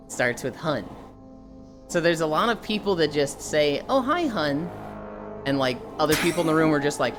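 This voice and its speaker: A woman streamer chatting casually on a live stream, telling stories and acting out quotes in loud mock voices. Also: low-pitched. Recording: background music under the voice.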